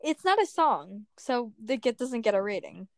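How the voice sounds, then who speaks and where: A woman's voice: fairly high pitch, very animated, moderate pace, no room sound. A young woman co-hosting a casual podcast, chatting about songs with lots of "like" fillers. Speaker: podcast co-host. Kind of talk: casual chat reviewing songs.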